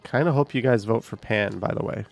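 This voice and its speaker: A man's voice: lowish voice, fairly quick, vocal fry, soft background music. A man live streaming, chatting casually with viewers, rambling and swearing at voice assistants when annoyed.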